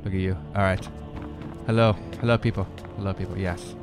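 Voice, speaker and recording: Excitable man narrating his gameplay. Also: low voice, brisk, music in the background, rough recording. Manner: excitable, swears freely, talks to the screen; rambling with many fillers and repeats. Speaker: gamer showing off a modded game. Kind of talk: casual gameplay commentary.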